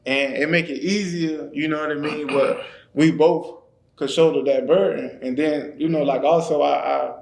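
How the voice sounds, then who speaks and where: A trainer from Florida, USA, appears as a podcast guest in a casual conversation, talking earnestly and loosely and repeatedly saying "you know what I mean." His voice is a little high, gravelly, and darkish, with fairly even intonation and a moderate pace, recorded with roomy echo.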